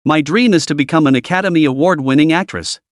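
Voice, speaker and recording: A woman's voice: low-pitched, quick pace, no echo, clean studio sound, close to an everyday voice. A man voicing a spoiled, childish young woman in a recapped comic story, talking in a whiny, indignant way.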